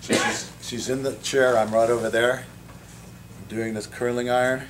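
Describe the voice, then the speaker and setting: A man's voice: medium pitch, normal speed, a little hiss or hum. Joking man telling salon stories. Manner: animated, joking, laughs while telling stories. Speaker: cosmetology educator. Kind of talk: storytelling to a live audience.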